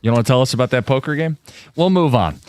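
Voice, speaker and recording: A man's voice: medium pitch, animated, quick pace, a little mellow, dry recording. A man co-hosting a sports radio talk show, teasing his partner and steering the chat. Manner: dry, teasing co-host prompting the story. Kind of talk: casual sports radio banter. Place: radio studio. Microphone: studio microphone.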